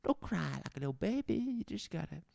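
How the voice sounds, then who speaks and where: A man's voice: fairly high pitch, big pitch swings, fairly quick, gravelly, a little mellow, no room sound, studio quality, pitched above the performer's own voice, exaggerated voice. A man voicing a crude, rambling male bar owner with a put-on Southern accent who swears a lot. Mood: rambling, preachy. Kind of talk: improvised character comedy.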